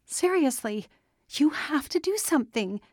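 A woman's voice: high voice, lively intonation, a little slow, no echo, clean studio sound, pitched above the performer's own voice. A woman narrator voicing a defiant sixteen-year-old girl who talks in an urgent, pleading way.

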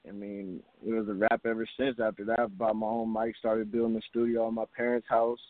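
A man's voice: on the low side, level tone, brisk, dry recording. A man calling in to a radio show as a hip hop artist guest, laid-back and polite, with many fillers. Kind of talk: phone-in interview. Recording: dry phone line.

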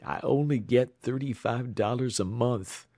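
A man's voice: medium pitch, unhurried, mellow, dry recording, clean studio sound, voice pushed up. A man doing a quavering, pompous clerk. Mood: frightened. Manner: quavering, stammering when scared. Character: pompous young male railroad clerk, easily frightened.

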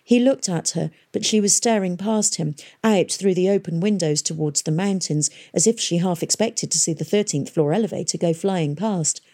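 A woman reading an audiobook with an even storytelling delivery. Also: on the low side, moderate pace, few pauses. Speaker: audiobook reader. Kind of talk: scripted narration.

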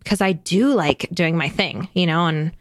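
A woman's voice: lowish voice, moderate pace, no echo. Chatty woman podcast host, dry sound. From United States. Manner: chatty, animated, laughs often, many fillers. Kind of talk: casual conversation.

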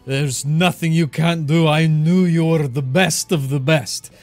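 A man's voice: a little high, steady tone, a little slow, a little mellow, dry recording, soft background music. A man voicing a jovial male innkeeper who heaps hearty praise on the heroes. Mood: effusive.

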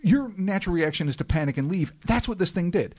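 A man's voice: high-pitched, animated, fast, darkish tone. A man co-hosting a podcast, talking in an emphatic, speculative way and swearing casually. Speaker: podcast co-host. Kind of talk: casual chat.

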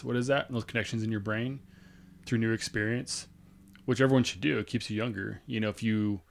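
A man's voice: on the low side, gravelly. A man co-hosting a casual podcast chat, intense and opinionated, swearing freely.

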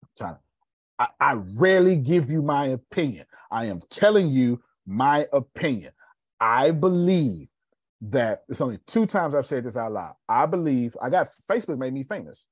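A man hosting a live video show, talking casually with animated, preachy energy. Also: mid-range voice, moderate pace, husky, no echo, studio quality. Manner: animated and preachy, with Southern Black American slang. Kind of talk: casual live-stream talk.

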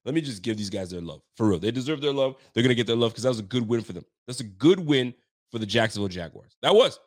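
A fast-talking man with a mid-range voice and lively intonation hosts a sports show out of Ontario, Canada. After the game, he launches into a heated, profane rant, venting with plenty of curses.

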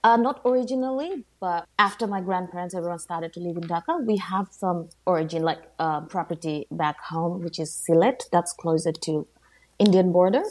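A woman in her thirties from Bangladesh, a podcast guest chatting casually, animated and laughing often. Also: fairly low pitch, moderate pace. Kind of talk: casual conversation.

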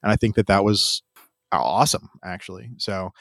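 A man's voice: fairly low pitch, moderate pace, gravelly, fairly bright tone, dry recording, studio quality. A man hosting a podcast, chatting candidly with restarts and frequent laughter. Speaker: podcast host. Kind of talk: casual chat.

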